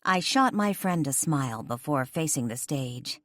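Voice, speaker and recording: A woman narrating a romance audiobook in the first person, expressive and casual. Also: sits low, measured pace, dry recording.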